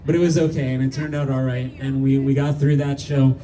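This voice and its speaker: A middle-aged man fronting a band rambles through a crude, laugh-filled story between songs at a live music venue. His medium-pitched voice is warm but flat and fairly quick. The audio is a distant crowd recording of his stage vocal mic, with the band present.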